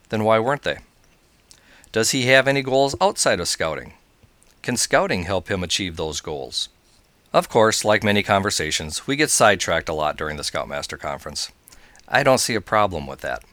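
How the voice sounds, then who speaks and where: A man hosting a scouting show, calmly talking through advice and telling a joke story. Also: low-pitched, no echo. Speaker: scoutmaster, podcast host.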